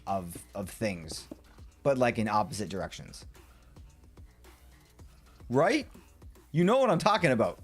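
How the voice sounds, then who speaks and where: Male streamer, lively swooping pitch, excitable rambling chatter, playful rants, asides muttered to himself. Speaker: live streamer. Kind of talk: casual livestream chat while building in a game.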